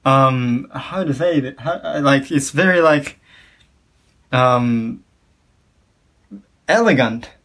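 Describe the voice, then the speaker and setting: A man's voice: mid-range voice, slow pace, long pauses, fairly bright tone. A man co-hosting a casual reaction chat, searching for words with many fillers. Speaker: co-host reacting to videos.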